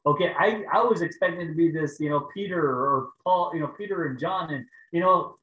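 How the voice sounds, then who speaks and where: Animated male preacher telling a story. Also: on the high side, a little fast, hardly any pauses, reverberant, dull audio. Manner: animated storytelling, rising to loud exclaims when acting out prayers. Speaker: pastor. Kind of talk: sermon over a video call. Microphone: video call.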